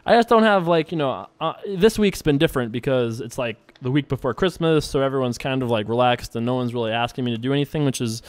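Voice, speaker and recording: A man's voice: mid-range voice, lively intonation, quick pace, hardly any pauses. A young man streaming online poker, chatting loosely with viewers while he plays and reads their emails, laughing often and swearing casually.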